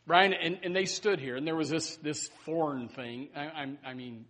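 A man preaching a sermon in a church, animated and full of stumbling restarts and repeated words. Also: on the high side, normal speed. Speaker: pastor. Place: church sanctuary. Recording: long hall reverb.

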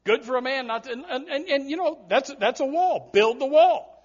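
Male pastor, very high pitch, emphatic stop-start sermon delivery, muffled lo-fi audio. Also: lively intonation, normal speed. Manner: emphatic, repetitive preaching with frequent restarts.

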